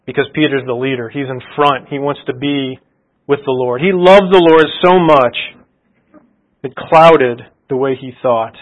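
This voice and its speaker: A man's voice: medium pitch, steady tone, measured pace, muffled recording. Man preaching a conversational sermon. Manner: conversational storytelling with rhetorical questions.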